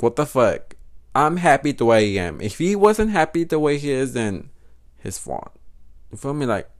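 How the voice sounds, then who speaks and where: Man with a Mexican Spanish accent. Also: mid-range voice. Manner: rambling, profane, switches into Spanish. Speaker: podcast host. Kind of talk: casual solo podcast talk.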